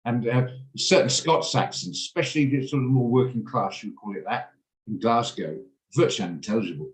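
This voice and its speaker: A man's voice: mid-range voice, brisk. A man hosting an online trading session, chatty and blunt, often rambling off topic, heard over a video call. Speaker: trading room host. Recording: roomy echo on a video call.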